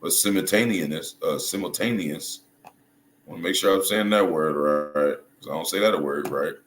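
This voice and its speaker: A man giving casual video commentary as a religious commentator, halting and hunting for words, often checking in with his listeners. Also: rumbling low. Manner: halting, restarts and hunts for words, checks in with "right?" and "you see?". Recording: echoey room with faint noise.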